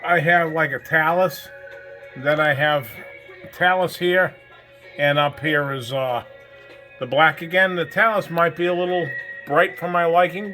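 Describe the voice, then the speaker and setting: A man's voice: a little high, fairly bright tone, low-quality recording. Rambling hobbyist man touring his layout. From New England, USA. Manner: rambling, plain-spoken, lots of fillers. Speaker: model railroad hobbyist. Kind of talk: casual layout tour narration. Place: home train layout room.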